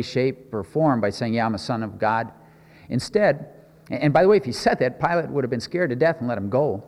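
A man's voice: mid-range voice, darkish tone. Man teaching scripture in a reverberant hall. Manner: explanatory, asks the audience questions. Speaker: preacher. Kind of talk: conversational Bible teaching.

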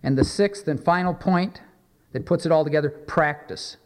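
A man preaching a sermon as pastor, earnest and measured, slowing down for emphatic scripture readings. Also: fairly high pitch, in a large hall.

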